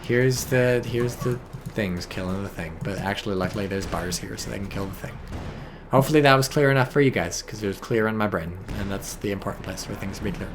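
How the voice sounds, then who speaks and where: Gravelly man casting a strategy game. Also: on the low side, brisk, noisy background. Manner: excitable, swearing, reads chat aloud. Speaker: game caster. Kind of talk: casual game commentary.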